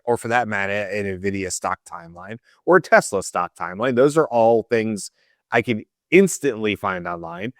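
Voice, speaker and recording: Low-voiced man rambling about tech. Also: fairly bright tone, no echo, studio quality. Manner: rambling, self-correcting, wry. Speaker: co-host. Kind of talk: casual tech discussion.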